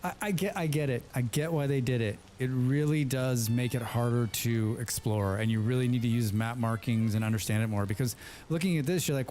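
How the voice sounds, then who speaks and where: A man's voice: medium pitch, fairly quick, a little mellow, a little hiss or hum. A man hosting a casual let's play, chatting with friends in a rambling, playful way and often repeating his words. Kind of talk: casual gameplay commentary with friends.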